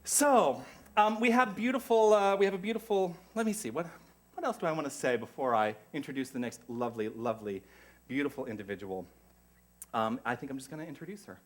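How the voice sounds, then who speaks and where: Speaking a little fast in an animated, medium-pitched voice, a U.S. minister greets his congregation at the start of a service. He is effusive and talkative, drifting into rambling asides.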